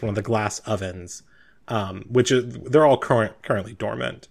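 A man narrating as game master of a tabletop game, casual and self-deprecating, often pausing with fillers. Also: medium pitch, vocal fry.

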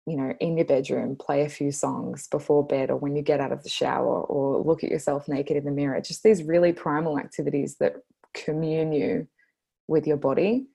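A woman in her twenties with an Australian accent, a guest talking casually on a podcast, earnest and quick to laugh. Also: sits low, fairly even intonation, gravelly, warm tone, slightly rough. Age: 20s. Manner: earnest, laughs often, speaks slowly when stressing a point.

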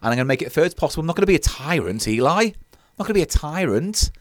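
A man's voice: on the high side, sing-song, racing, no room sound, studio quality. Sweary British man in mock-stern banter. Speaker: podcast co-host. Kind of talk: casual comedic chat. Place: small recording pod.

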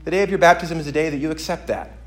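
High-voiced man preaching with fervor. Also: very fast, soft background music. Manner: swings from hushed to loud emphatic preaching. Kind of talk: sermon.

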